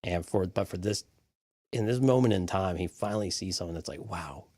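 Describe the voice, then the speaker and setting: A very low-voiced man co-hosts a relaxed live podcast, mixing wry jokes into his loose, restart-filled talk. The sound is close and dry, with no room around it. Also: fairly quick, no echo. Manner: wry joking asides, stumbling restarts. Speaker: podcast co-host. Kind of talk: casual live TV-show breakdown chat.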